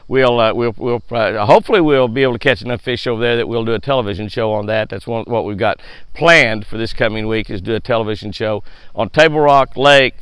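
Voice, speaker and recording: A man's voice: fairly low pitch, a bit bright, clear, resonant tone, no room sound. A man, a fishing show host chatting casually and upbeat to viewers, repeating words as he goes. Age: 70s.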